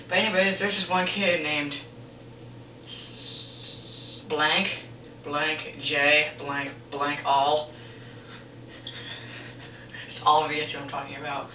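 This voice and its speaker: A man's voice: fairly high pitch, little pitch movement, takes it slowly, pauses often, slight background noise. A teenage boy doing a rambling, jokey stand-up monologue as a comedy vlogger. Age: teens. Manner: rambling, jokey, breaks into loud impressions. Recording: roomy echo, distant camera mic.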